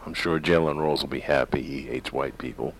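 A man's voice: very deep voice, steady tone, fairly quick, husky, low-quality recording. A man hosting a talk radio show, rambling through opinionated casual monologue with many fillers and restarts.

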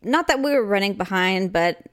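A woman's voice: mid-range voice, animated, a little fast. A woman co-hosting a casual chat, wry and dry-humored, with some worry showing.

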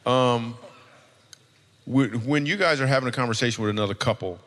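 Comedian doing crowd work. Loose and teasing, with a bright, forward tone. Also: male voice, mid-range voice, brisk, long reverb tail. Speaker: stand-up comedian.

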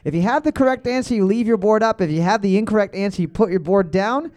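A man with a notably high voice runs a rowdy comedy trivia night. He reads the questions in a steady quizmaster cadence and fills the gaps with deadpan, silly jokes. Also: fast. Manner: joking, deadpan absurd asides, quiz-reading cadence. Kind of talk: live bar trivia banter. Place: bar.

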